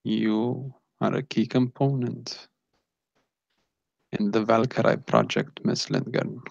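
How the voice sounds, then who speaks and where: An emotionless male agent in a tabletop role-play, put on by a man running the game. He talks slow and even with a gravelly, low voice and no feeling behind it. The recording is dull and dry. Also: dry recording, heavily acted. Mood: cold menace. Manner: eerily calm, flat, robotic delivery. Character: cold clinical male agent, calm and emotionless.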